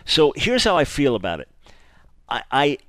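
A man's voice: medium pitch, wildly swooping pitch, moderate pace, a bit bright, dry recording. A man hosting a radio talk show, speaking emphatically and with animation, stressing key words. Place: radio studio, audio only.

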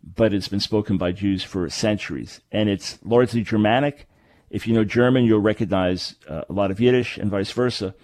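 This is a male talk radio host working a close studio microphone in a dry, dead room. His voice sits on the low side, and he talks emphatically as he explains, stopping now and then to correct himself. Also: normal speed, darkish tone, no room sound.

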